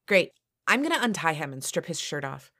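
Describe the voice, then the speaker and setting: A woman voicing a bossy young sorority sister who gives orders briskly, in an audio story. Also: deep voice, sing-song, bright, forceful tone, full character voice. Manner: brisk, commanding.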